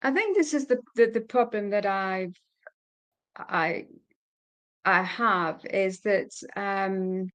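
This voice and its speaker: Hesitant older woman with a smooth voice. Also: mid-range voice. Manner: hesitant, many pauses and fillers. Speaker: retiree starting a business. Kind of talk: casual video call chat. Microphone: video call.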